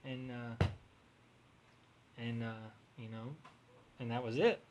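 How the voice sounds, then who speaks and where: A man's voice: mid-range voice, fairly even intonation, takes it slowly, darkish tone, slight background noise. Rambling, cursing man telling a story. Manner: rambling, profane, restarts often. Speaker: podcast host. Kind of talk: casual storytelling chat.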